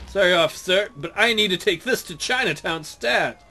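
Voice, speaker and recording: A man's voice: sits high, animated, moderate pace, sharp tone, a little hiss or hum. A young man commenting on his video game, joking and talking to the characters on screen. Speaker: let's play gamer.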